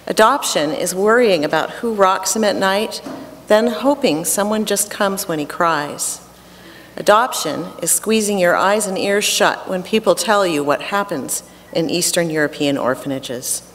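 A middle-aged woman reading her own personal story aloud on a theatre stage in a measured, earnest way. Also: medium pitch. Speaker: reader of a personal essay. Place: theatre stage before an audience. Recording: theatre hall reverb with faint noise.

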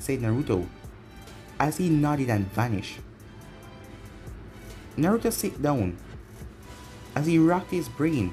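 A man's voice: on the high side, sing-song, slow, long pauses, dark tone, soft background music. A man narrating a fan fiction audio story in a plain storytelling way.

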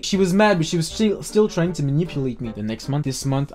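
A man's voice: medium pitch, very animated, fast talker, hardly any pauses, a little mellow, soft background music. A young man tells a personal story in English. He swears freely, and his voice rises when he gets angry. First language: French. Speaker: vlogger. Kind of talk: storytime vlog.

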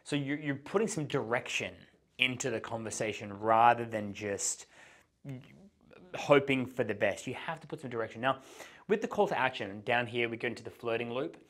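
A man's voice: medium pitch, moderate pace. A man teaching conversation skills as a dating coach, giving a whiteboard lesson and acting out sample lines. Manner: animated, acts out both sides of conversations.

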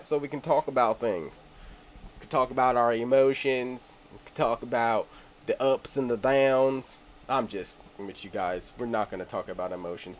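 A man hosting a crypto video, casual and brash, joking and teasing his viewers, dropping to mumbles and then bursting out loudly. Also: mid-range voice. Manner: joking, brash and swaggering, swings between mumbling and shouting. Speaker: crypto channel host. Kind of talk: casual hyped promo talk.

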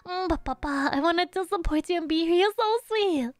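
A woman's voice: very high-pitched, steady tone, fast talker, no echo, faint music behind. A young woman streaming a game, chatting playfully with her viewers and humming little tunes between lines. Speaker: VTuber streamer. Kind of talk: casual gameplay commentary.

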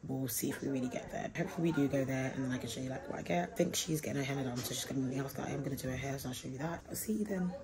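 Young woman, low-pitched, loose and jokey, talking straight to camera. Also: rapid-fire, hardly any pauses, crowd noise, low-quality recording. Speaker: vlogger. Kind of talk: casual vlog chat. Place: a home indoors.

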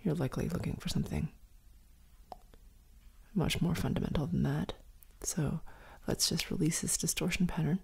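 A woman guiding a meditation in a soft, slow, often whispered voice. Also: low-pitched, gravelly, breathy edge. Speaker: meditation guide. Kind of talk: guided meditation.

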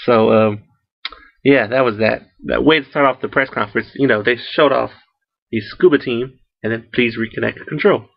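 A man's voice: mid-range voice, normal speed, vocal fry, dry recording. A man giving rambling solo commentary, recorded on a home sound recorder, with many fillers and restarts. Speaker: YouTuber. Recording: muffled dry home recording.

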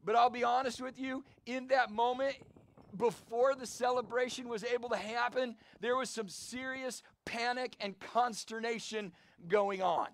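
High-voiced energetic male preacher outdoors. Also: normal speed, no room sound. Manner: energetic storytelling preacher, calls for amens. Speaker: pastor. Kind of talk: sermon. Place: outdoor church service.

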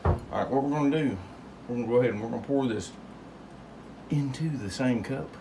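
A man's voice: medium pitch, brisk, warm tone, a little hiss or hum. A man hosting a casual home cocktail demonstration, rambling and joking in drawled asides, recorded in a home kitchen. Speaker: home cocktail show host.

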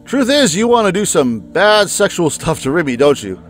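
A man's voice: high voice, big pitch swings, normal speed, soft background music. A man voicing a crude, taunting inner voice. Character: young man's dark mocking inner voice.

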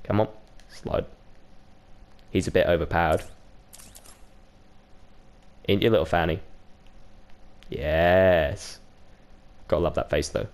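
A gaming YouTuber with a low, dark, clear, resonant voice takes his time, pausing often as he comments on his own gameplay. His casual delivery is heavy on profanity and mimicry of others, and he sounds laid-back. Noticeable background noise is present.

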